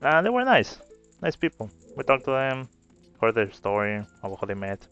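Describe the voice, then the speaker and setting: A man's voice: medium pitch, sing-song, normal speed, fairly bright tone, clear, resonant tone. A man telling a story in a casual, rambling way while playing a game, swearing now and then. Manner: rambling, swearing, laid-back. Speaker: gameplay video creator. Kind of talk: casual gameplay commentary with storytelling. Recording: slightly dull audio with faint game music. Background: faint game music.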